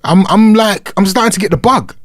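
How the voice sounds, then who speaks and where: A man's voice: sits high, brisk, no room sound, clean studio sound. A man co-hosting a podcast, chatting casually and bantering with plenty of laughs. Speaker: podcast co-host. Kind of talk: casual chat.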